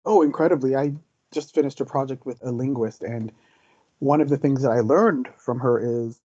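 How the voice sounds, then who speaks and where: A man's voice: medium pitch, moderate pace, a little mellow, no echo, highs cut off. A man who is the guest in an interview, telling personal stories in an earnest, thoughtful way. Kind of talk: reflective interview talk.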